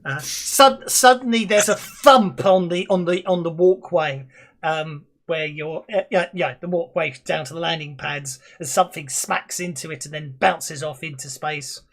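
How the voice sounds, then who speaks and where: A man narrating as game master of a tabletop game, halting and restarting often with many fillers. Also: on the high side, fairly even intonation, creaky, a bit bright.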